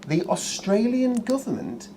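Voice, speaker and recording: A man's voice: very high-pitched, sing-song, unhurried, dark tone, slight background noise. A man hosting a live shopping show, chatty and jokey with plenty of ums.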